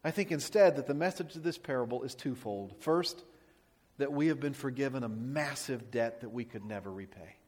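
A man preaching a sermon as a pastor, telling a story with lively emphasis and dropping to quiet, soft lines for his points. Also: mid-range voice, normal speed. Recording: long hall reverb.

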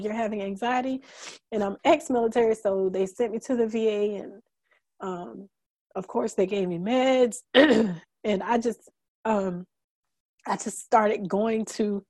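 A middle-aged woman as a guest, telling her story candidly in an earnest, halting way, holding back tears. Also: fairly high pitch, no echo. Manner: earnest, halting, many fillers and restarts; emotional, fighting back tears. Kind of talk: candid conversational testimony.

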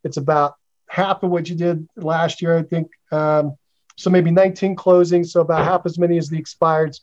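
Man, interview host, easygoing questions, fairly high voice, slightly muffled lo-fi recording. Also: flat delivery, moderate pace, a little mellow.

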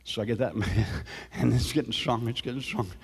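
A man telling animated stories as a guest, often laughing as he talks. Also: mid-range voice, fast talker, long reverb tail, a little hiss or hum. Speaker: guest actor. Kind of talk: casual storytelling.

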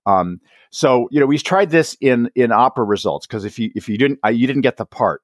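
A man as a guest on an education podcast, explaining his ideas and acting out quick exchanges between teachers and students. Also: mid-range voice, dry recording, clean studio sound. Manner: animated, acts out teachers and students in quick asides. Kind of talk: podcast interview.

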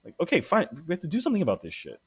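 A man talks casually and tells stories from his working life. His husky voice swoops up and down as he acts out the other people's lines and swears freely. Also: sits high, rapid-fire. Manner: animated storyteller, swears, acts out quotes. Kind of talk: casual chat.

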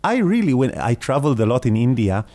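A man with a non-native English accent talks as a clown teacher, pausing often to find the right words. His voice is mellow and dark. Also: medium pitch, sing-song. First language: not English. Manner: thoughtful, halting, searching for words.

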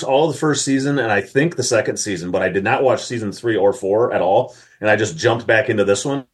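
A man from Minnesota co-hosting a podcast, chatting casually and rambling with many restarts. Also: mid-range voice. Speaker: podcast co-host. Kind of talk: casual chat.

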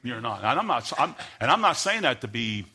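Bright-voiced man preaching a sermon. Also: mid-range voice, big pitch swings, fairly quick, creaky. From United States. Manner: builds from quiet storytelling to loud, fervent preaching. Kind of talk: sermon with storytelling.

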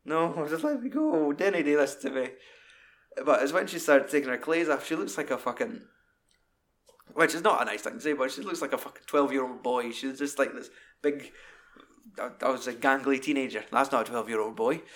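Sweary man chatting about a film. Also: brisk. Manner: sweary, animated, acts out film scenes in high put-on voices. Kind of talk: casual film chat.

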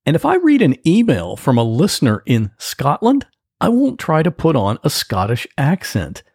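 A man's voice: fairly high pitch, wildly swooping pitch, moderate pace, darkish tone, husky, no room sound, clean studio sound. A man hosting his own podcast about computers, talking in a chatty, folksy, plain-spoken way from his home office. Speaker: podcast host, computer repair tech. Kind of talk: solo podcast monologue.

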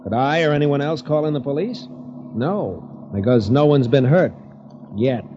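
An actor playing a worried, earnest cousin in a 1940s radio drama, speaking urgently. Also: male voice, a little high, lively intonation, moderate pace, close to an everyday voice. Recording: hissy, dull old radio recording.

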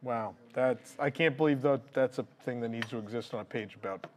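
A man's voice: medium pitch, a little fast, a little mellow. A man co-hosting a casual podcast chat, playful and joking. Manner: playful, mock-reads text aloud with laughs. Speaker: podcast co-host.

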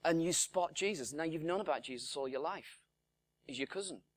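A middle-aged man preaching a sermon in a conversational way, acting out little dialogues and dropping to hushed tones. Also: a little high, a little fast. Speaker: pastor.

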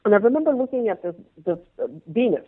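A woman telling a personal story in an interview, animated and acting out scenes in changing voices. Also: a little high, fast talker. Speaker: interview guest, former pro dancer. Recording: tinny phone-like line.

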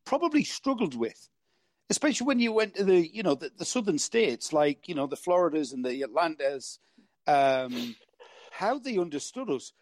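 A man's voice: on the high side, sing-song, moderate pace, no echo. Northeast English man, chatty commentator. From northeast England. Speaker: racing commentator. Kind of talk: casual panel chat.

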